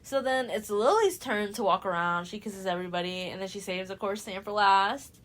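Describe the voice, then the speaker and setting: Animated young woman recapping a story. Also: mid-range voice. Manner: animated storytelling, quick voices for characters, laughs often. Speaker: podcast host. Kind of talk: casual book recap chat.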